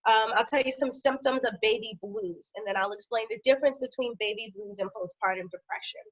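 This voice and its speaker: A woman health professional giving an informal educational talk, with conversational fillers and steady lists of symptoms. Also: on the high side, a little fast. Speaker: health professional speaking on a panel. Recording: dull, lo-fi dry sound.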